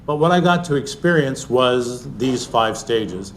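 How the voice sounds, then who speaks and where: A middle-aged man recounts a personal story before a live audience in an earnest, unhurried way. His voice sits at an ordinary pitch and often drops to a soft, hushed level. A faint low rumble hums behind him. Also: expressive. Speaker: speaker sharing a personal story.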